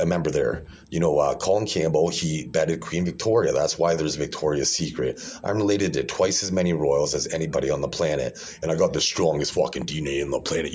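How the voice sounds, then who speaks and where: A man's voice: deep voice, darkish tone, slightly rough. A man talking straight to camera in a rambling monologue, boastful, profane and combative, often restarting his phrases. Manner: repeats himself, restarts phrases. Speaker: video creator.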